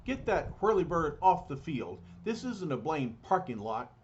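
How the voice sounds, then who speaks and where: A man's voice: on the high side, sing-song, measured pace, a little mellow, slight background noise. A man voicing a grumpy army general who barks his orders, on a dull lo-fi recording. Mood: gruff. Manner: barking, gruff.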